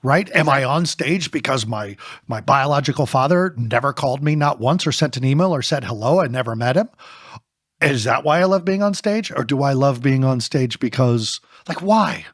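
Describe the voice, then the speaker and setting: A man co-authoring a book, talking in an animated way in a podcast discussion and firing off rapid rhetorical questions. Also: medium pitch, no room sound, studio quality. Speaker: co-author and speaker.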